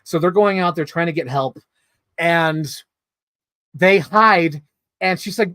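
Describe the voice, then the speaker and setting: Excitable rambling man reviewing movies. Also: on the high side, slow, pauses often, dry recording, clean studio sound. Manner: excitable rambling storytelling with swearing and fillers. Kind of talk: casual movie review vlog.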